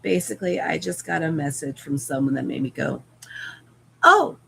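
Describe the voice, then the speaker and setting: A woman with a deep, heavily gravelly voice rambles casually while she works on a craft live stream. Her voice is strained and keeps cracking, and she swears lightly. A faint hiss sits under the recording. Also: a little fast, a little mellow, low-quality recording. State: voice cracking and giving out. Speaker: crafting livestreamer.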